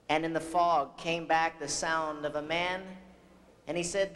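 This pastor's voice is fairly high for a man, and it trails off into a long reverb in a large hall. He talks in a folksy storytelling way and prays earnestly, as heard on old, worn videotape. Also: flat delivery, moderate pace, fairly bright tone. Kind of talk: invocation sermon with a told story. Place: large graduation ceremony venue.

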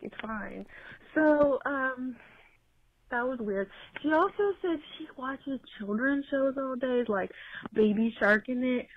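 A young woman calling in to tell a rambling, profane story, excitable and loud. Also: sits high. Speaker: caller. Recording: tinny phone line with faint hiss.

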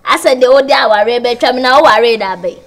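A woman's voice: fairly high pitch, a little fast, natural voice. A woman playing a complaining woman, with a Ghanaian accent, in a Ghanaian movie.

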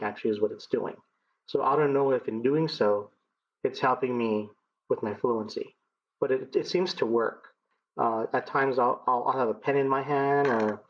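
A man in his thirties from Texas, a guest in an interview, speaking in a measured, reflective way with frequent ums. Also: medium pitch, lo-fi sound. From Texas, United States. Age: 30s. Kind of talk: conversational interview.

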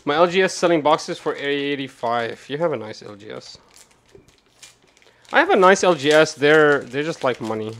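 A man giving casual, rambling commentary to his chat while opening card boxes, swearing and jumping from calm talk to loud rants. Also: on the high side, normal speed. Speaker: card game streamer.

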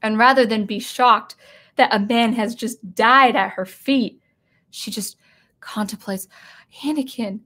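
Brief: woman host, casual commentary, somewhat high pitch, animated with restarts. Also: unhurried. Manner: animated, acts out quoted lines, frequent restarts.

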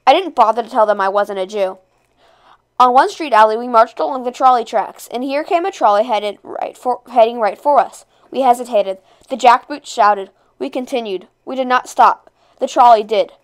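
Woman reading a book out loud, kinda high smooth voice, stumbles and rereads sometimes. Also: moderate pace. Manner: expressive, with occasional slips and rereads. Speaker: read-aloud narrator. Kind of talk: reading a novel aloud.

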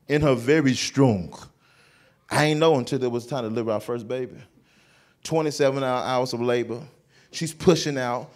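A man with a Southern American accent from North Carolina, performing stand-up comedy with animated storytelling, laughing and breaking into shouts. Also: mid-range voice, brisk. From North Carolina, USA.

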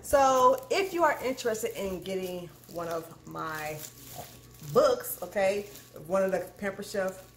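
Chatty woman vlogging in her kitchen. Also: on the low side. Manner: animated, addresses viewers as "y'all", frequent "okay?". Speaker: cooking channel vlogger. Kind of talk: casual chatty unboxing vlog. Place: home kitchen. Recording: echoey kitchen with clear background noise.

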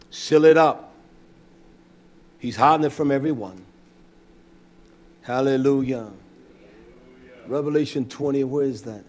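A man preaching a sermon, swinging between raised shouting passages and low, confiding asides to the congregation.

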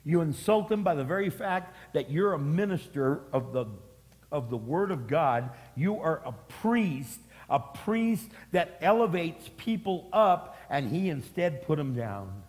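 Dramatic, fairly high-voiced male preacher. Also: big pitch swings, a little slow, a little mellow. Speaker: pastor. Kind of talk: sermon. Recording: long hall reverb.

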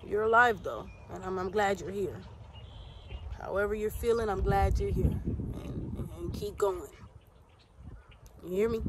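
A woman's voice: mid-range voice, unhurried, long pauses. A young woman vlogging outdoors in nature, chatting playfully and straight to her viewers. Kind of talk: casual chat to camera. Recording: outdoor camera audio with clear background noise.

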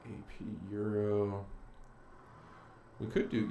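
A man's voice: medium pitch, very animated, a little fast. A man teaching a casual live-streamed lesson, thinking aloud as he clicks through his files. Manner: chatty, thinking aloud while clicking around. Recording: echoey room with faint noise.

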